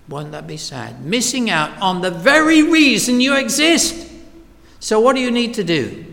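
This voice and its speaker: A man preaches with a high, gravelly voice, taking his time over each phrase. He drops to a near whisper, then builds to ringing cries. The sound carries a long hall reverb. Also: sing-song. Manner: dramatic swings from hushed to loud, slow and emphatic. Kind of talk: sermon.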